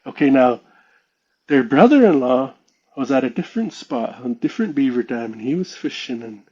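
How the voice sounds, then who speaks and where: A man's voice: medium pitch, lively intonation, moderate pace, dark tone, breathy edge, muffled recording. A man, a podcast guest, telling a story in a casual, rambling way, full of "you know"s.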